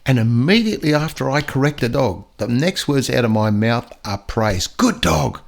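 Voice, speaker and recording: An older man talking casually on a podcast, with a voice of middling pitch. He spins stories and jumps into quick voices for the dogs and people he describes. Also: animated, gravelly. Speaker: podcast guest storyteller and dog trainer. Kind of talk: casual chat.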